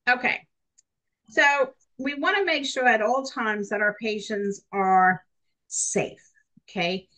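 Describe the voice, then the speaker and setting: Middle-aged woman, nursing instructor, lively storytelling lecture to students. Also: medium pitch, a little slow, poor audio. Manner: chatty and animated, addresses students directly. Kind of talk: recorded classroom lecture.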